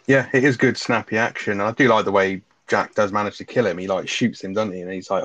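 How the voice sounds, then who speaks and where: Fast-talking man, casual film chat. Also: sits low, steady tone, a bit bright, no room sound. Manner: swears freely, retells scenes with quoted lines. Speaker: podcast co-host.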